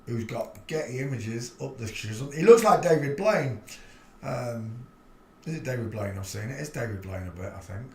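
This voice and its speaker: A man's voice: mid-range voice, lively intonation, normal speed, a little mellow, a little hiss or hum. A man hosting a livestream, talking in a chatty, rambling and blunt way and laughing at his own jokes. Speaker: livestream host. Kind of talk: casual livestream commentary. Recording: roomy echo.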